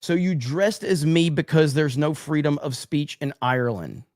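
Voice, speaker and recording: A man's voice: a little high, normal speed, a little mellow, no room sound, studio quality. A man hosting a livestream podcast, chatting casually, reading donations and trading blunt, profane, mock-angry banter with his chat.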